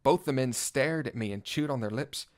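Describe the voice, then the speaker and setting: Voicing a vain, gallant male cat-knight bard, a male narrator performs a fan audio drama in first person with flowery, archaic wording, theatrically shifting between pompous and flustered. His medium-pitched, slightly mellow voice sounds close to an everyday voice, at a moderate pace, with a storytelling feel.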